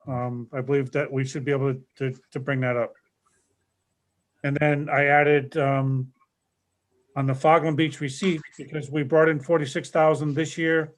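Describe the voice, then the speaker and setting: Measured man reading out budget figures. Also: on the high side, level tone. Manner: measured, reads out numbers with hesitations. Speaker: town administrator. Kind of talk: reporting budget figures at a council meeting.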